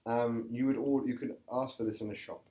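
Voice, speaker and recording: A woman's voice: extremely low pitch, steady tone, brisk, mellow. An English woman co-hosting a podcast, quizzing her co-host in a playful casual chat. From England.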